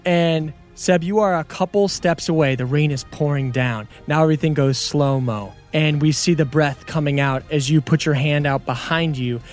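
A young man with a slightly high voice narrates a tabletop game as game master, upbeat and animated. Light music plays underneath. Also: normal speed, hardly any pauses. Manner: enthusiastic, laughing, animated.

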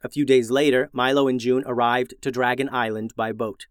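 A man narrating a scripted children's story in a gentle, expressive storytelling manner, as host of the show. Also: medium pitch, moderate pace, clean tone, no room sound, clean studio sound.

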